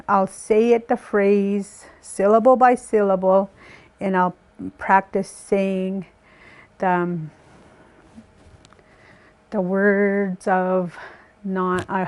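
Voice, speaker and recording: A woman with a Saskatchewan Cree accent gives a recorded language lesson. She speaks slowly and deliberately, at a middle pitch, sounding words out syllable by syllable. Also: darkish tone. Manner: slow and careful, breaks words into syllables. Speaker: language teacher.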